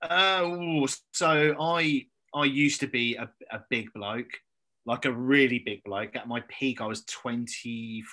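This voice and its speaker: A man's voice: medium pitch, slow, bright, forceful tone. A man, a personal trainer guesting on a podcast, sweary and hesitant with lots of ums. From England. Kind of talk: casual podcast chat.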